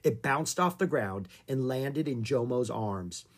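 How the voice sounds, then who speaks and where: An audiobook reader narrating a children's book in an expressive, lilting way. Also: medium pitch, unhurried.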